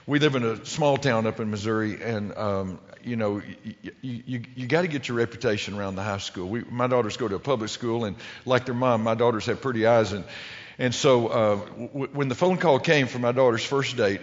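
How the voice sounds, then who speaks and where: A man's voice: mid-range voice, fairly quick. Middle-aged man, humorous rambling storyteller on stage; dull lo-fi sound, long hall echo. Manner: rambling, with many restarts and stumbles. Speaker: public speaker telling a story. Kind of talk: humorous storytelling to a live audience. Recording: lo-fi recording with long hall reverb.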